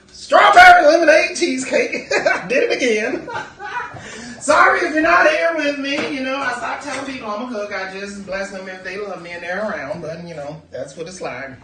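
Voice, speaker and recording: A man, hosting a casual comedic home baking vlog and jumping between low mutters and loud high exclamations. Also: moderate pace, noisy background. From New York. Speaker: home baker vlogger. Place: home kitchen.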